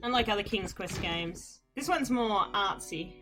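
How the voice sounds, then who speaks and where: A woman's voice: mid-range voice, expressive, a little slow, over music. Chatty woman doing game commentary. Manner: chatty, wry, rambling. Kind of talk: casual let's-play commentary.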